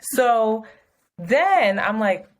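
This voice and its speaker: Woman co-host, casual chat, animated storyteller, frank and profane. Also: a little high, very slow. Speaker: podcast co-host.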